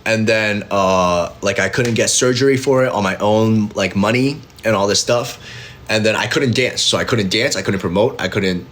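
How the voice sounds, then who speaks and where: A man's voice: on the low side, moderate pace, fairly bright tone, a little hiss or hum. A young man, an independent artist, chatting casually on a phone live stream, rambling with lots of fillers and acting out both sides of his stories. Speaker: independent artist livestreaming to fans. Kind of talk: casual livestream chat.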